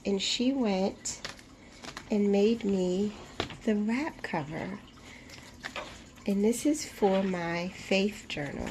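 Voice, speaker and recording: A woman talks slowly through a casual unboxing vlog from her room at home. Her speech is drawn out, with breathy exclamations as she gushes. Steady household noise runs beneath her voice. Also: medium pitch. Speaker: vlogger.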